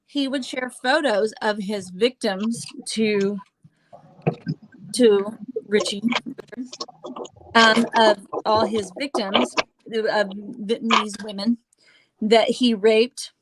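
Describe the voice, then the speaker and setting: A woman hosting a casual true-crime chat, halting with fillers and restarts and dropping sarcastic asides. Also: mid-range voice, fairly even intonation, background noise. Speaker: host.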